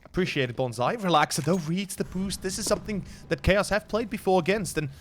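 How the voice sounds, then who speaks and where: Slovenian male esports caster, high voice. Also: fairly quick, background noise. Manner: rises sharply in pitch and volume during action, chats with viewers between plays. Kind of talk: solo play-by-play commentary.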